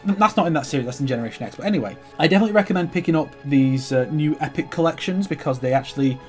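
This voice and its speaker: A man's voice: on the high side, very fast, few pauses, soft background music. A young man chatting casually and enthusiastically about his comic collection, swearing freely and tripping over restarts. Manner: enthusiastic, profane, rambling with many restarts. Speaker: comics vlogger. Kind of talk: casual rambling collection show-and-tell.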